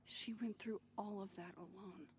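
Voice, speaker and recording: A woman voicing a guilt-ridden young photographer in a video game, speaking in a soft, mournful half-whisper. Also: medium pitch, steady tone, moderate pace, a little hiss or hum, lightly acted. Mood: grieving. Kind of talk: hushed inner monologue in a game. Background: game music.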